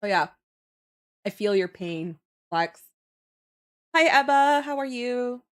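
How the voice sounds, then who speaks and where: A young woman chats casually on a livestream while she draws, laughing often and greeting her viewers. Her voice sits a bit high and moves around a lot in pitch. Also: expressive, takes it slowly. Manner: chatty, laughs often, reads chat aloud. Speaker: livestream host.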